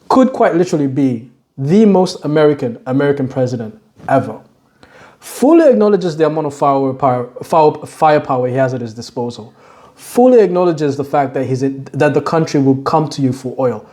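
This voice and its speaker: Young guy, casual mocking commentator, slangy; slightly high, mellow tone. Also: animated, brisk. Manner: mocking, laughing, slangy asides. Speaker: commentator reacting to news clips.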